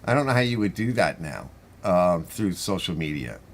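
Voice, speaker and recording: A man's voice: deep voice, sing-song, moderate pace. A middle-aged man with a New York accent hosts a live stream, chatting casually and answering viewer comments in a rambling, conversational way. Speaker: host of a garage channel live stream.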